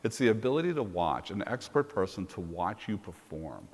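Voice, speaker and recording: A man, a university president, telling brisk anecdotes in a conference fireside chat on stage. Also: sits low, very animated, breathy edge. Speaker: university president being interviewed. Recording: long reverb of a conference hall.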